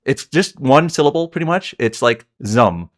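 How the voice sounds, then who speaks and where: A man's voice: a little high, normal speed. A man co-hosting a casual podcast, rambling through his account with many fillers and self-corrections. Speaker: podcast co-host.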